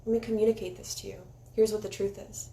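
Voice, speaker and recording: A woman's voice: medium pitch, little pitch movement, fast talker, vocal fry. Woman doing a chatty oracle card reading, straight-talking, roomy echo, faint hum behind. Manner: candid, chatty, encouraging, with soft guided meditation asides. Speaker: oracle card reader and spiritual coach. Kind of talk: casual spiritual card reading. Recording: echoey room with faint ambient noise.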